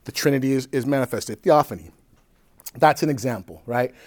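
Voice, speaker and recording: A male priest teaching a group in a conversational way, often checking in with "right?" and dropping between loud emphasis and soft, low asides. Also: brisk. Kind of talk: teaching talk to a live group.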